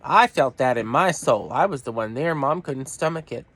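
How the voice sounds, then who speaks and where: A man's voice: mid-range voice, lively intonation, normal speed, a bit bright, no echo. A middle-aged man ranting to camera in a blunt, profane way that keeps drifting off topic. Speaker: vlogger. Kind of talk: rambling rant to camera.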